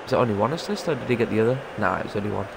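Excitable gamer with noisy background. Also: male voice, on the low side, very fast, creaky. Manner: excitable, loud outbursts between muttered remarks. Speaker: gaming streamer. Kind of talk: live gameplay commentary.

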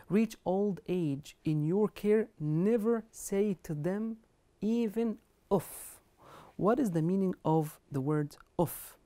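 A woman with a warm, lowish voice delivers an Islamic lecture on kindness to parents. She is earnest and emphatic, quoting Arabic scripture and scholars.

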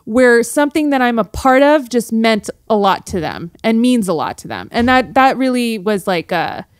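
A woman guest on a podcast in casual chat, talking in quick restarts and laughing easily. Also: a little high, lively intonation, clear, resonant tone, dry recording, clean studio sound.

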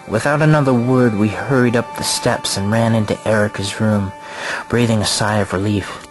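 A man narrating a spooky story in a steady, even storytelling manner, over clear background music. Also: fairly low pitch, moderate pace. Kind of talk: scripted narration.

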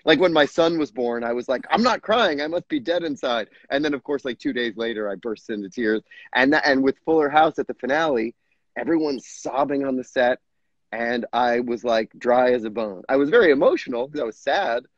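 A man's voice: medium pitch, fairly quick, no room sound. Chatty middle-aged man on a muffled video call. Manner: chatty storyteller, laughs often, frequent restarts. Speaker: guest actor. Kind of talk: casual interview chat.

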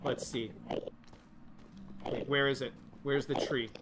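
A man streaming a game live, nervously and excitedly talking to his chat as he plays. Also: medium pitch, takes it slowly, noisy background. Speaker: gaming livestreamer. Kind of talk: live gameplay commentary.

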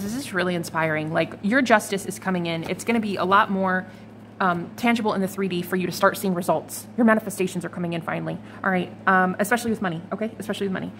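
A woman's voice: medium pitch, a bit bright, a little hiss or hum. Chatty, swearing woman reading tarot. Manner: chatty, swears freely, laughs, talks to viewers. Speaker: tarot reader. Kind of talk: casual tarot reading vlog.

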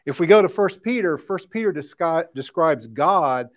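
A middle-aged man from West Tennessee leads a casual Bible class in a church classroom. His voice sits a bit high for a man. He talks informally, keeps checking in with his listeners, and restarts his sentences. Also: expressive, normal speed, few pauses. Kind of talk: conversational Bible study lesson.

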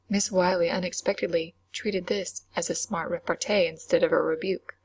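A woman narrating a classic novel in a whispered role-play reading, soft, slow and soothing. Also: lowish voice, steady tone, breathy edge.

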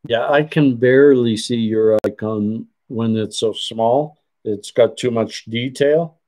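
Speaking slowly at a medium pitch with a dark tone over poor audio, a man from Canada hosts a livestream at a computer desk setup. He chats casually and rambles, reading viewers' comments as he meanders and trails off mid-sentence.

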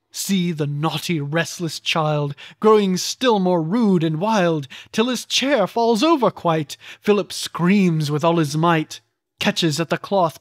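An audiobook reader narrating old rhyming children's stories with a deliberate, theatrical delivery and voiced characters. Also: medium pitch, dry recording, clean studio sound. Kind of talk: storybook verse narration.

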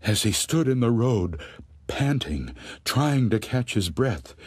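A man narrating scary stories for an audiobook, telling them slowly and with suspense. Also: medium pitch, breathy edge, dry recording, clean studio sound. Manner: slow, suspenseful, expressive telling. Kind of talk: scripted storytelling narration.

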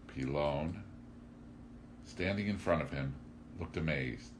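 Deep-voiced male audiobook narrator. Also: measured pace, slight background noise. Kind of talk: audiobook reading of a classic novel.

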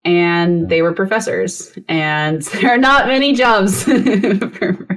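An easygoing woman co-hosting a podcast, laughing easily between remarks. Her pitch sits in the middle range. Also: slow. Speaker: podcast co-host. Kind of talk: casual chat.

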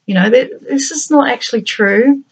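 Husky-voiced woman thinking aloud. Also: fairly high pitch. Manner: thinking aloud in short, halting phrases. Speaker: channel host. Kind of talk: reflective spoken monologue.

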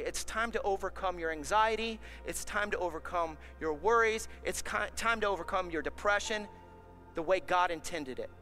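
A man preaching a sermon as pastor, impassioned, building up to shouts. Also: high-pitched.

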